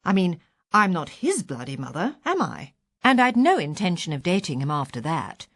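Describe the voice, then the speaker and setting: Woman reading a story, lively wry delivery, rather low voice, dry close studio sound. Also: normal speed, no room sound. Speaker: audiobook reader. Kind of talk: first-person story reading.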